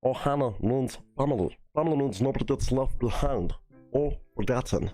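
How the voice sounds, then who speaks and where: A man putting on his impression of a small gruff alien creature, quoting a cartoon line in a growly put-on voice. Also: mid-range voice, normal speed, dark tone, soft background music, lightly acted. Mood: earnest.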